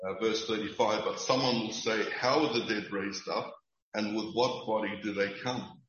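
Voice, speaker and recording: Male pastor giving a sermon, low-pitched, earnest and emphatic, in a roomy, dull recording. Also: steady tone, a bit bright, a little hiss or hum. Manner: earnest, emphatic, measured preaching with occasional restarts.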